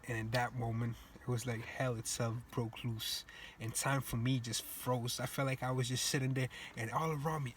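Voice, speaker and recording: A man's voice: medium pitch, a little hiss or hum. A young man from Cape Verde telling a personal story, earnest and reflective, with loose casual grammar. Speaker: student speaker.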